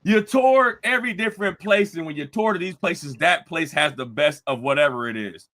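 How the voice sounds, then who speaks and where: A man hosting a live stream, mocking a clip with fast, laughing rants. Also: a little high, lively intonation, sharp tone. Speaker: host.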